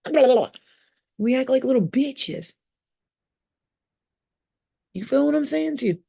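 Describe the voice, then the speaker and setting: A woman's voice: unhurried, vocal fry, breathy edge, no room sound, studio quality. A woman hosting her own channel as a spiritual healer, giving a casual, blunt pep talk full of swearing, acting out voices as she goes. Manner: blunt and profane, acts out quoted voices; animated, often jumps higher in pitch.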